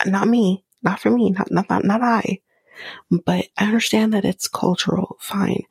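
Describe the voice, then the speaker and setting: Woman host, casual recap chat, blunt and profane, gravelly fry, dry close sound. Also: mid-range voice, no echo. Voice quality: breathy, often half-whispered. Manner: blunt, profane, animated retelling. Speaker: podcast host recapping a reality show.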